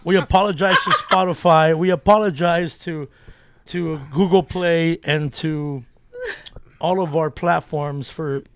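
A man's voice: a little high, steady tone, a little slow, fairly bright tone, a little hiss or hum. A young man co-hosting a podcast in casual banter, laughing often, swearing and teasing. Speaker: podcast co-host.

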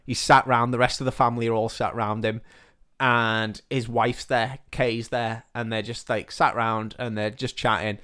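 A man casually retelling a film plot as a podcast host, animated, swearing freely and acting out the characters' lines. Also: mid-range voice, normal speed, few pauses, clean tone.

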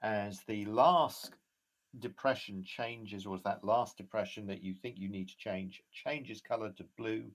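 A man's voice: lowish voice, a little slow. A man acting as game master, directing the players and narrating the scene. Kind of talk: running a tabletop game.

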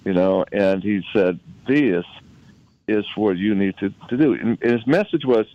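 Low-voiced man telling a story. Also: no room sound, muffled recording. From Utah. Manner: halting, repeats words while recalling events. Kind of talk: anecdotal storytelling in conversation.

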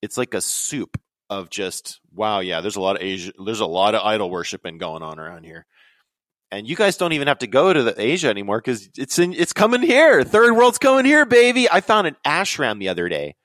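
Excitable rambling man, dry close mic. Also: a little fast, no room sound. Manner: rambling, excitable, voice jumps high when quoting himself. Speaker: podcast guest. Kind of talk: casual storytelling chat.

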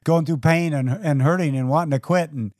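A man's voice: fairly high pitch, fairly quick, darkish tone, no room sound, studio quality. A man hosting a podcast interview, encouraging his guest with affirmations and repeating his own phrases. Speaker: podcast host. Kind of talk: supportive interview chat.

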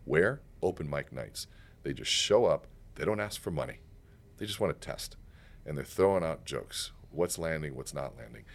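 A man's voice: extremely low pitch, lively intonation. A man guest on a podcast, telling stories emphatically, swearing and acting out quotes. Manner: fast, emphatic storytelling with swearing and acted quotes. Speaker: guest speaker and author. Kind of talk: animated podcast interview. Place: podcast studio set.

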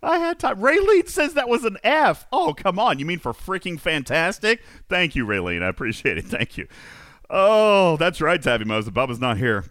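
A man's voice: sits high, sing-song, moderate pace, fairly bright tone, no room sound, studio quality. A man hosting a podcast, reading comedic news bits and chatting, often laughing through his own jokes. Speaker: podcast host.

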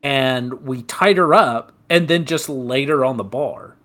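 A man's voice: mid-range voice, a little slow. A man in his twenties, a podcast co-host, telling gaming stories in casual chat and laughing as he goes. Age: 20s. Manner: animated storyteller, laughs while telling.

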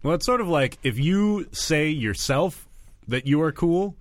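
A man's voice: on the high side, animated, a little slow, dry recording, clean studio sound. A man hosting a casual comedy podcast, joking and laughing often. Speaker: podcast host.

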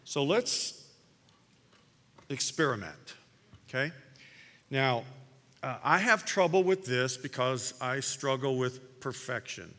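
A man's voice: medium pitch, big pitch swings, slow pace, long pauses, bright, forceful tone. A man preaching a sermon in a conversational way, animatedly retelling stories to his congregation. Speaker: pastor. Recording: long hall reverb.

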